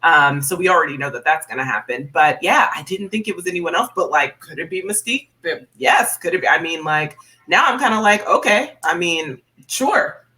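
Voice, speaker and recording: A man co-hosting a casual podcast, relaxed and hedging as he thinks aloud. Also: on the high side, a little fast, hardly any pauses, rough recording. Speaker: podcast co-host. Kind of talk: casual pop-culture discussion.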